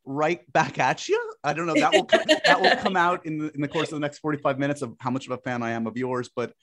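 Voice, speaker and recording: A man's voice: medium pitch, animated, rapid-fire, over a noisy crowd. A man hosting a podcast in casual chat, talkative and self-deprecating, with many fillers and restarts. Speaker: podcast host.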